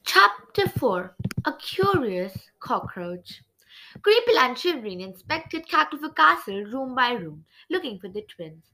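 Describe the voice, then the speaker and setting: A young woman reading a children's chapter book aloud in an animated, expressive way. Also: fairly high pitch, unhurried, a little hiss or hum. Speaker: storybook reader.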